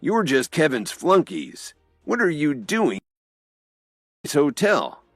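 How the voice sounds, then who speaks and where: A man's voice: fairly high pitch, very animated, vocal fry, dry recording, clean studio sound, soft background music, voice pushed up, exaggerated voice. A man voicing an arrogant, menacing middle-aged man in an audio drama, growling and proud. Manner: growling, proud, slow and threatening.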